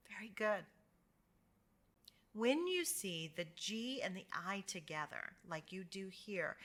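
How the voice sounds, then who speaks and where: An American woman leads a phonics lesson at a very unhurried pace. Her voice is bright and forward, with a middling pitch. She models each sound in a drawn-out way and praises her learners as they repeat. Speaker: pronunciation teacher.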